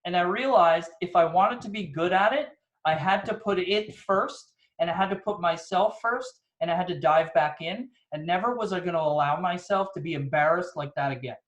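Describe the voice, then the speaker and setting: A man giving an energetic motivational talk as a guest on a video call, telling stories and asking rhetorical questions. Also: high voice, normal speed, lo-fi sound. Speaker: insurance agent guest speaker. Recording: echoey room on a video call.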